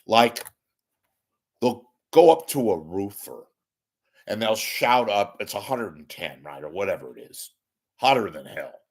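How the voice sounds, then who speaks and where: A man hosting his own show, ranting casually to camera in a rambling, wisecracking, profane way, often clearing his throat. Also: fairly low pitch, sing-song, a little slow, pauses often. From San Francisco Bay Area. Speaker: host of a media commentary show. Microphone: webcam or camera at desk.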